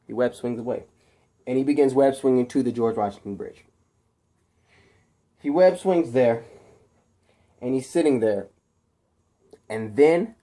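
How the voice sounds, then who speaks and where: A man's voice: mid-range voice, mellow. A man telling a superhero story off the cuff, rambling with many fillers and restarts, throwing in his own sound effects. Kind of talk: improvised spoken fan story.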